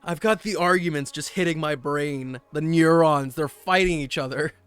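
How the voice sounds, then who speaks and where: A man's voice: a little high, normal speed, fairly bright tone, clean tone. A man streaming a game and chatting casually, a rambling, self-deprecating overthinker. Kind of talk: casual gaming stream chat.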